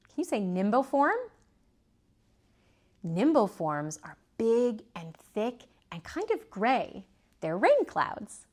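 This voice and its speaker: A woman teaching a preschool lesson, gently asking children to repeat words and point. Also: medium pitch, big pitch swings, slow pace. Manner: sing-song, asks children to repeat and point.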